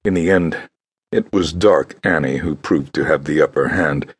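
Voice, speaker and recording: Very deep husky male narrator. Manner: measured, grave storytelling. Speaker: audiobook narrator. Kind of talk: scripted narration.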